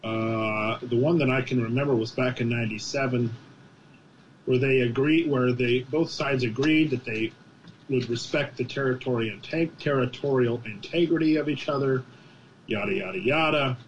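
A man's voice: medium pitch, normal speed, slight background noise. Meandering man on lo-fi audio. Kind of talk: casual chat.

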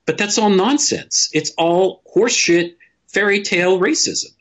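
Blunt, husky-voiced man ranting casually. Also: sits high, measured pace, a bit bright, dull audio. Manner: opinionated, blunt, swears freely, many restarts. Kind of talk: casual podcast discussion.

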